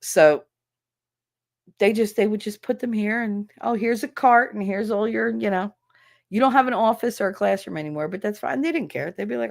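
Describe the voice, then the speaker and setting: Woman streamer, thirties, casual rant; blunt, sarcastic, salty language, mid-pitched voice. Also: normal speed, gravelly. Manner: blunt, sarcastic, swears freely, acts out quoted dialogue. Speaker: streamer chatting while sorting files. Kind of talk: casual ranting chat.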